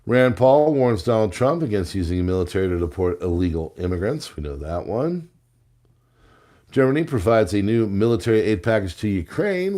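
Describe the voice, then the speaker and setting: A man's voice: lowish voice, mellow. A man hosting a news commentary show, reading headlines and adding sarcastic, jokey asides. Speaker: host.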